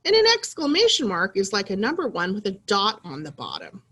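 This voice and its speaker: A woman teacher with a husky voice, reading slowly and in a sing-song way with young children. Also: mid-range voice, wildly swooping pitch, bright, forceful tone. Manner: slow, sing-song, encouraging teacher talk.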